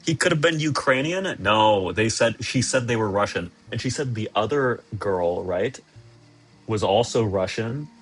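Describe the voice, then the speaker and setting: A man's voice: fairly low pitch, animated, a little slow, slightly rough, soft background music. A young man streaming from a hotel room, chatting casually and reading out viewer messages in a rambling, sarcastic, self-deprecating way with lots of swearing.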